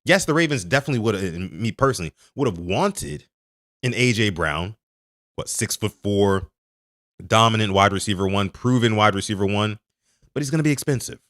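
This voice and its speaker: A man hosting a sports podcast, talking to his live chat in an animated way and stressing key words. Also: fairly low pitch, a little fast, no room sound, studio quality. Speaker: podcast host.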